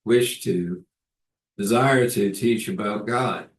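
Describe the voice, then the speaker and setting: A man's voice: on the low side, takes it slowly, far from the mic. A man voicing a friendly, chatty plump older woman who runs a diner, in a roomy-sounding recording. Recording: roomy echo.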